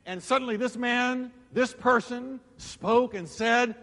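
A man's voice: very high-pitched, slow pace, hardly any pauses, a bit bright. A man preaching a sermon, telling a Bible story dramatically and acting out the voices of its figures. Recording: long hall reverb.

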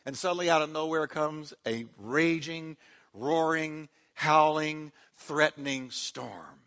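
Bright-voiced preaching pastor in a reverberant hall. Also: male voice, fairly high pitch, takes it slowly. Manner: dramatic preaching, dropping to a hush on quiet words; leads the congregation in call-and-response. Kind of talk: sermon.

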